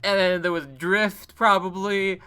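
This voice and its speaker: Over some background noise, a man with a high voice recaps a tabletop role-playing session in an unhurried way with fairly even intonation. He jokes and rambles through the story, laughing frequently.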